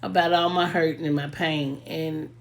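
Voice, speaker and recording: A woman's voice: low voice, fairly even intonation, unhurried. A young woman, telling heartfelt, emotional stories about a late friend in a casual video, often laughing as she talks. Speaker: vlogger paying tribute to a late friend.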